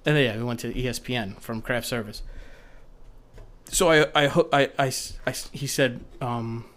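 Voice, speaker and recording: A man spins long rambling stories in loose, casual talk. His voice sits at an ordinary middle pitch. He slips into quick impressions of the people he is quoting. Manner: rambling, animated storyteller who acts out quotes. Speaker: TV producer guest. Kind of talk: casual podcast storytelling.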